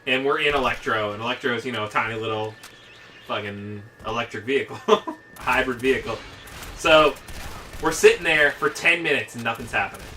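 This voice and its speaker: Bright, profane man rambling over gameplay. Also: medium pitch, a little fast, recorded from a distance, a little hiss or hum. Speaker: let's play commentator. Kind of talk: casual gaming commentary.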